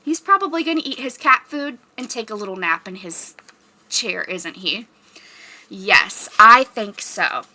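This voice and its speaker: In a little slow, medium-pitched voice, a young woman runs through a story for children. She uses a lively, sing-song teacher tone and makes animal noises as she reads aloud.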